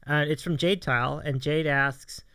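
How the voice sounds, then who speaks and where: A man's voice: fairly high pitch, fairly even intonation, bright, forceful tone, smooth, dry recording, clean studio sound. A man hosting a casual live-streamed chat show, eagerly agreeing with his guest and reading out viewer questions. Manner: eager, quick to agree, keeps saying yeah.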